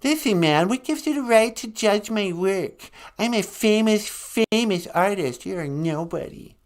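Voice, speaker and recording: Here is a swaggering, thin-skinned male painter who thinks he is a genius and calls everyone "man", as a man puts him on. He pushes his voice up and makes it loud and lively, swinging all over the place. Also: high voice, measured pace, voice pushed up. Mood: indignant. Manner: indignant, slangy, keeps calling people man. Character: brash, touchy famous male painter, arrogant and easily offended.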